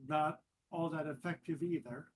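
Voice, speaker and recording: A man's voice: on the high side, moderate pace. A man playing a tabletop game, speaking hesitantly and working out his options mid-sentence. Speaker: player. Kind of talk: casual tabletop game chat.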